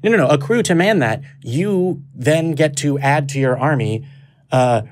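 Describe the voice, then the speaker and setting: A man co-hosting a podcast, riffing in a quick, playful way. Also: a little high, lively intonation, a little hiss or hum. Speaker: podcast co-host. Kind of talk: casual panel discussion.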